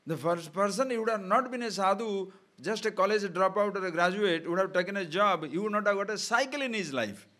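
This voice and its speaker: Here a spiritual teacher, a man with a high voice, moves briskly through a discourse on scripture, animated throughout and frequently addressing rhetorical questions to his listeners.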